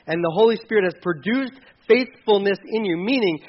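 A man preaching a sermon as pastor, swinging from loud, high emphasis to quiet, low asides and acting out the voices of churchgoers. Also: animated, moderate pace, dull audio. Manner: acts out quoted voices of churchgoers.

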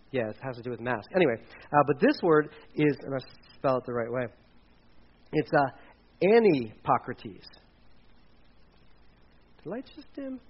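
A man's voice: mid-range voice, muffled recording. A man in his forties, a pastor preaching a casual sermon with dad jokes and frequent fillers. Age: 40s.

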